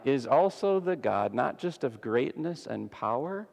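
A man preaching a sermon as pastor, dramatic, swinging between loud emphasis and hushed softness. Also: fairly high pitch, animated, unhurried, vocal fry, few pauses. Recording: long hall reverb.

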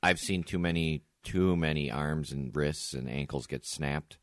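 A man's voice: extremely low pitch, measured pace, no room sound. A man co-hosting a casual podcast, teasing his partner with dry wisecracks. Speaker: podcast co-host.

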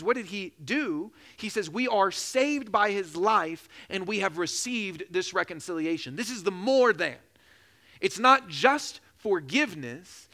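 A man in his thirties preaching a sermon, telling a joking personal story, then building to loud, slow emphasis. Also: sits high. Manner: preaching with rising emphasis, slowing for key phrases; jokes and laughs during a personal story. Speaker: pastor.

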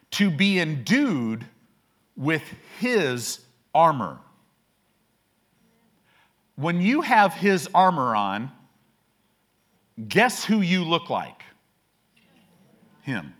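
A man's voice: high-pitched, fairly bright tone, husky. A man preaching a sermon as pastor, casual and self-deprecating, often checking in with "right?".

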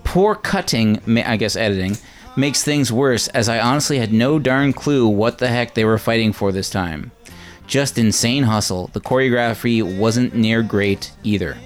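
Man, podcast host, casual, joking, mid pitch, faint music behind. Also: normal speed. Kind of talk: casual chat, reading a review aloud. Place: indoors, home with friends.

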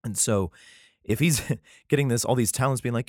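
A man's voice: lowish voice, expressive, unhurried, a little mellow, dry recording, clean studio sound. A man casually reading scripture aloud and breaking off into profane, sarcastic commentary, sometimes stumbling and rereading lines. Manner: profane, sarcastic asides between read passages. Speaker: podcaster reading and commenting on the Bible.

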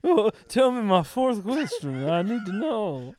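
A man's voice: high voice, sing-song, unhurried, a little mellow. A man voicing a polite, put-upon male game show contestant in an improvised comedy bit. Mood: meek.

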